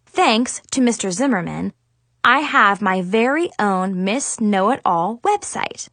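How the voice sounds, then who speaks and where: A young woman narrating a story in a lively, expressive reading style. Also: mid-range voice, slow pace, dry recording. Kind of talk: scripted audiobook narration.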